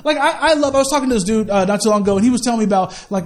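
A man's voice: high-pitched, very fast. A man preaching a casual, slangy sermon with lots of asides and quoted voices. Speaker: pastor.

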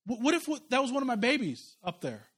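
A man's voice: extremely high pitch, very animated, fast talker, fairly bright tone, slightly rough. A man preaching a conversational sermon as a pastor, impassioned and emphatic, often restarting his sentences.

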